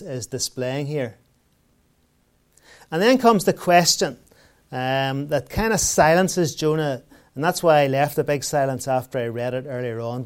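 A man preaching a sermon in a conversational way, asking rhetorical questions and telling everyday anecdotes. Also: fairly high pitch.

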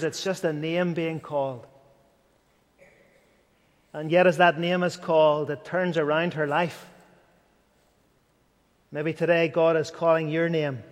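A man preaching an earnest sermon, rising to fervent and dropping to near whispers. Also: a little high. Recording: long hall reverb.

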